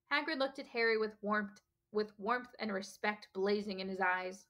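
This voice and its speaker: A teacher reading a novel aloud in a steady, expressive storytelling manner. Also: female voice, medium pitch, normal speed, hardly any pauses.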